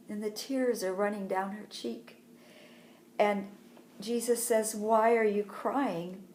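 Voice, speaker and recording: A woman teaching a Sunday school lesson for children, telling a Bible story slowly and expressively. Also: mid-range voice, a little mellow, roomy sound, slight background noise.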